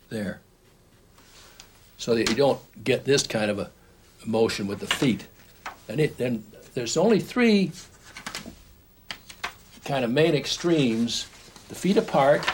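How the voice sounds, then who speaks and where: An older man gives an animation lesson on an old home-video tape, and his voice sits at an ordinary middle pitch. He explains as he goes, often restarting his sentences. A faint hiss runs under the recording. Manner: explains while drawing, with frequent repeats and restarts. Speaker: animation instructor.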